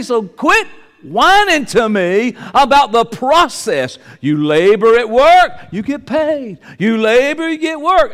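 Brief: high, very animated male pastor, fervent sermon, long hall reverb. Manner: fervent, repeats phrases for emphasis.

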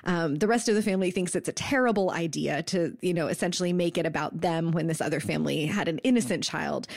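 A woman co-hosting a podcast, summarizing a book in a steady, explanatory way with some ums. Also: fairly low pitch, fast, vocal fry, dry recording, studio quality. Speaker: podcast co-host. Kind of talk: casual book chat.

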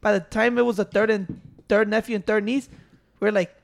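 Fast-talking man ranting with jokes. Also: high voice, steady tone, gravelly. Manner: brisk, profane joking rants. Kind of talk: casual chat.

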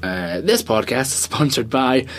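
A man co-hosting a podcast in casual chat, enthusiastic and jokey, rambling quickly. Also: medium pitch, big pitch swings, a bit bright, a little hiss or hum. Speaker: podcast co-host.

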